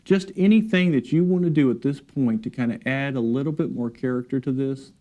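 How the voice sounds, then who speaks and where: A man giving a relaxed, encouraging painting demonstration in his studio, talking while he works. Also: mid-range voice, a little fast. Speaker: painting instructor. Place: art studio.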